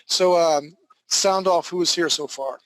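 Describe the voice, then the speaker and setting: A man running a casual live game-art class over a voice call. He talks in a loose, rambling, joking way, and his voice sits a little high. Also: a little slow, a bit bright, low-quality recording. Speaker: game development class host.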